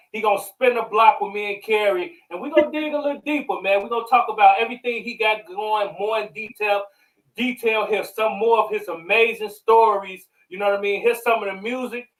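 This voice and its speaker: A streetwise American man co-hosts a casual web chat, dropping slang and asides. His voice is high for a man and sounds distant, set back from the mic. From United States. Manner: streetwise slang, lots of "you know what I'm saying". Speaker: co-host.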